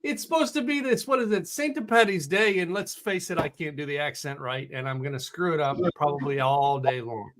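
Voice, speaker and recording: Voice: medium pitch, brisk, hardly any pauses. A podcast co-host in casual chat, playful and self-deprecating.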